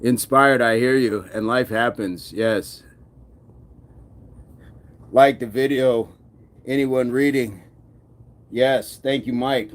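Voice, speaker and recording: A man's voice: mid-range voice, slow pace, long pauses. A man hosting a casual fitness livestream, reading viewer comments aloud between push-ups and laughing often. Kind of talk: casual live-stream chat.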